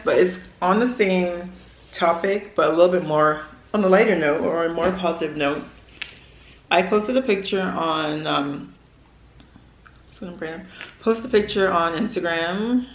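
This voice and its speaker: A woman's voice: on the low side, normal speed, a little hiss or hum. A young woman vlogging at home, chatting in a rambling way with many fillers while she eats. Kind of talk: casual chat while eating. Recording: echoey room.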